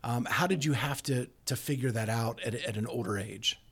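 A man's voice: medium pitch, normal speed, a bit bright, slightly rough. A man in his fifties, with a mid-range voice, steers the conversation as co-host. He asks his questions casually, hedging and filling the gaps with ums and uhs. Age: 50s. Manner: hesitant, with many fillers. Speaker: podcast co-host.

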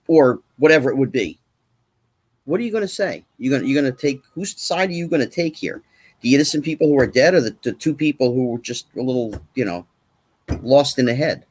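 Guest, man, husky voice, lively delivery, emphatic and repetitive. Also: mid-range voice, fast. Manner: emphatic, repetitive, rhetorical questions. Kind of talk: casual chat.

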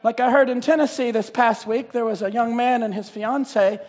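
A man delivers an impassioned sermon in a very high voice, rising to shouts and dropping to hushed scripture reading. His voice rings out with a long reverb through a church sanctuary. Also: fairly even intonation, normal speed. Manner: impassioned, swings between shouting and quiet reading. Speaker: preacher.

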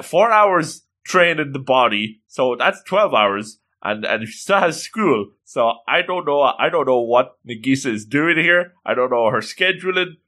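Excitable recap host, bright lively voice, laughs often. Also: male voice, medium pitch.

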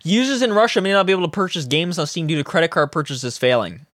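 Young male co-host, high-ish and very lively voice, dry sound, teasing banter. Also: quick pace, dry recording. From Canada. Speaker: podcast co-host. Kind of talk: casual chat.

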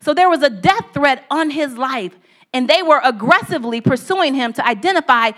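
A woman's voice: high voice, lively intonation, moderate pace, a bit bright. A woman preaching a sermon in a conversational, storytelling manner, building points through repeated phrases.

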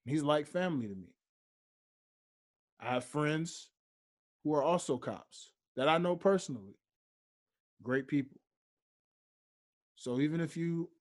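A young man hosting a solo podcast, speaking slowly and deliberately and stressing his key points. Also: mid-range voice, darkish tone. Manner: slow, deliberate, emphatic. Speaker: podcast host.

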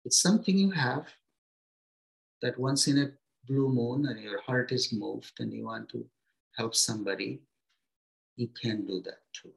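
A man teaching his students on the spiritual path, speaking in a middle-pitched, gentle voice. He sets out short phrases one at a time with pauses between them and leans on simple everyday comparisons to keep his teaching encouraging. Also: creaky, low-quality recording.

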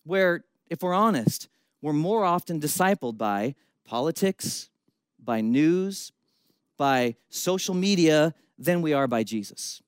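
Lively man preaching a sermon. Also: a little high, takes it slowly, clean tone, dry recording. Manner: lively storytelling preacher with shifting emphasis. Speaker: pastor.

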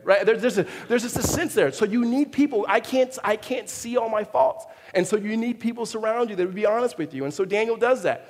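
A fairly high-voiced male pastor preaches in a reverberant church hall, animated and expressive. He restarts phrases often and slips into quoted voices as he goes. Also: fast. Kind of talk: sermon.

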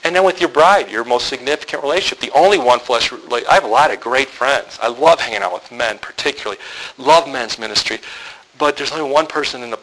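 A man gives a sermon to other men in a storytelling way, candid and often joking. His voice is bright and forceful at a middle pitch. He acts out the people he quotes. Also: fast talker, poor audio. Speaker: men's ministry speaker.

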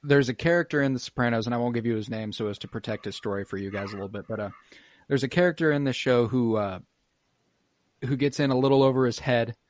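A man's voice: medium pitch, quick pace. Laid-back swearing man recapping a show. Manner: loose, profane storytelling with laughs. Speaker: podcast host recapping an episode. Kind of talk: casual chat.

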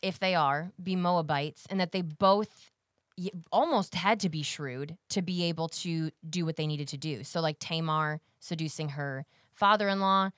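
A woman's voice: sits low, moderate pace, a bit bright, no room sound, clean studio sound. A woman co-hosting a casual Bible study chat. She asks curious questions and hedges her points. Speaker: podcast co-host.

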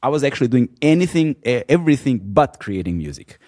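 A man interviewing a guest in a casual sit-down chat, talking in a rambling, halting, earnest way. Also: medium pitch, sing-song, a little mellow, no echo.

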